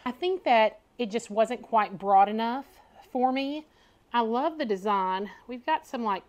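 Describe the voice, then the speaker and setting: A woman chatting casually at home while she unboxes and tries on clothes. She talks in a loose, chatty way, laughs often and fills her speech with "like" and "y'all". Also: on the high side. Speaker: fashion vlogger.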